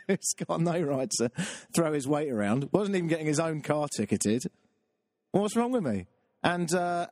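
A man's voice: a little high, a little mellow, dry recording, studio quality. A man, a talk radio DJ telling a self-deprecating, rambling story on air. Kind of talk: confessional radio monologue.

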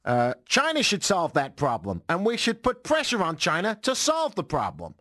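A man putting on a blustery older American politician, with a husky, put-on American accent. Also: high voice, huge pitch swings, normal speed, pushed and bright, dry recording, studio quality, pitched above the performer's own voice, full character voice. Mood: blustering. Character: blustery older male politician, bragging and brash.

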